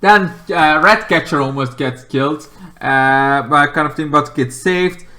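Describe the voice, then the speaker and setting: A man's voice: on the high side, unhurried, bright, forceful tone. A man casually recapping a movie plot, rambling with lots of fillers and swearing. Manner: rambling, swears often, many fillers and restarts. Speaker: movie reviewer.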